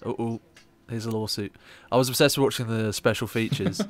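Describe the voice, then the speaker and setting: A young man co-hosting a film reaction, chatting casually with quick, joking, sweary banter. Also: lowish voice, fairly even intonation.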